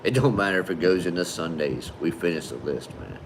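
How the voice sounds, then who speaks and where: This livestream host talks briskly in a deep, low voice, reading viewer comments and tossing out relaxed, friendly shout-outs. He keeps it conversational, dropping "man" and "brother" often, with a faint hum in the background.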